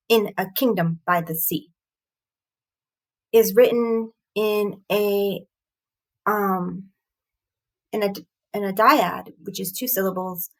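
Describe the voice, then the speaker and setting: A woman reviewing a poem, explaining its meter in a halting, thoughtful way with frequent pauses and fillers. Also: medium pitch, rough recording. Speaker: poetry reviewer. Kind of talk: explaining poetry analysis.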